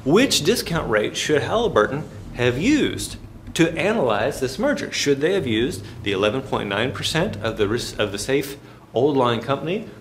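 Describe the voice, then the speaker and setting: A middle-aged man giving a classroom finance lecture in a lively, folksy storytelling manner, sometimes making sound effects. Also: medium pitch, slight background noise.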